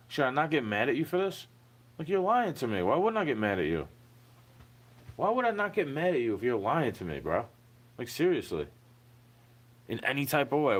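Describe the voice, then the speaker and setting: A man in a recorded monologue, ranting with profanity and firing off rhetorical questions. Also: fairly high pitch.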